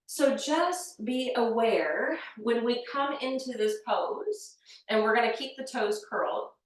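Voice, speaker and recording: A woman guides a yoga class at an unhurried, deliberate pace, calling out breaths and poses one at a time. Her voice carries a heavy room echo and sounds distant from the microphone. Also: medium pitch. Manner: calm step-by-step cueing with breath counts. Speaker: yoga teacher. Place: yoga studio. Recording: echoey room, voice from far off mic.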